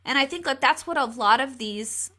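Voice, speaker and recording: A woman hosts a live political commentary video, speaking expressively at a normal pace in a bright, forceful tone. She is emphatic and tends to repeat words as she goes. The audio comes from a lower-quality re-downloaded video.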